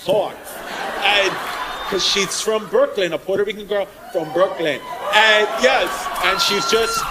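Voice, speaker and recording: A man doing a stand-up set in a comedy club, riffing loudly with the crowd and working the room. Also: sits high, unhurried. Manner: loud, riffing, crowd work. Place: comedy club with live audience. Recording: live club recording with crowd noise.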